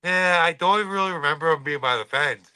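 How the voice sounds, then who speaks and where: Animated former player telling a story. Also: male voice, a little high, fast talker, clean tone, no echo, poor audio. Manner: animated, swearing storyteller acting out quotes. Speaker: podcast co-host, former college football player. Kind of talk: casual storytelling chat.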